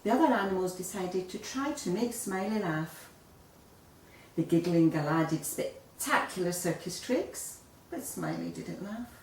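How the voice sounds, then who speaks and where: A woman reading a children's picture book aloud in an expressive storytelling manner. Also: lowish voice, a little slow, slight background noise. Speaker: storybook reader. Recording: echoey room, voice a bit far off.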